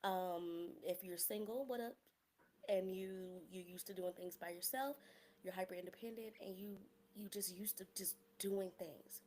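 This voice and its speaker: A woman's voice: medium pitch, fairly even intonation, moderate pace, warm tone, a little hiss or hum. Woman, 30s, podcast host, candid solo monologue, emotional, casual humor. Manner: candid and emotional, close to tears at times; casual, slangy, self-deprecating humor.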